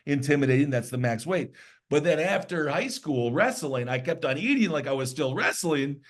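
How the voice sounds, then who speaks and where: A man's voice: a little high, lively intonation, normal speed. A man guesting on a podcast, chatting in an easygoing, self-deprecating, joking way. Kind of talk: casual chat.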